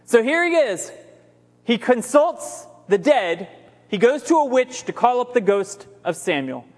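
A man's voice: very high-pitched, big pitch swings, a little slow. A male pastor preaching a sermon in a conversational, emphatic storytelling way, recorded in a church sanctuary. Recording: long hall reverb.

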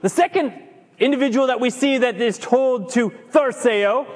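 A man preaching a sermon as pastor, animated, drawing out key words and sometimes stumbling over himself. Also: extremely high pitch, moderate pace. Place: church sanctuary. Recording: long hall reverb.

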